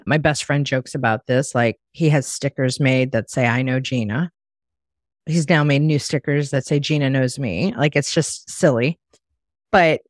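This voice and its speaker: Woman, middle-aged, podcast host, lively pitch, low voice, dry recording. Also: no room sound. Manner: animated storyteller, acts out quoted voices. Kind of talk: casual chat.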